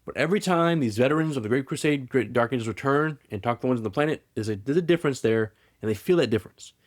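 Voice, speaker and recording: A male podcast host retells a story in casual, rambling chat, tripping over restarts and fillers. He talks fast, at a middle pitch. His delivery stays animated throughout.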